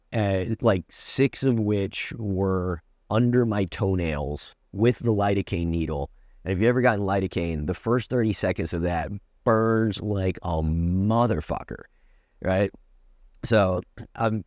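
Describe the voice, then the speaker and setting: A man's voice: lowish voice, a little mellow, no room sound, studio quality. A man who is a comedian, telling a long personal story in a casual, profane way, with many restarts and acted-out back-and-forth dialogue. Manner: rambling, profane, with many restarts and quoted exchanges. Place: New York City.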